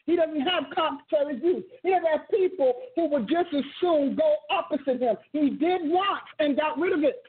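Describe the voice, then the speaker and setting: A woman's voice: sits high, normal speed, few pauses, a little hiss or hum. A woman preaching a sermon with passion, repeating and rephrasing her words and breaking into sudden exclamations. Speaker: preacher and teacher. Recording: tinny phone-like sound.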